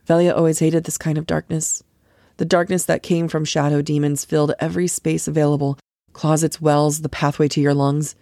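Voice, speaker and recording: A woman narrating a fantasy novel chapter in a measured storytelling voice. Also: sits low, flat delivery, warm tone, no room sound, studio quality. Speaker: author narrator. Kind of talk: audiobook narration.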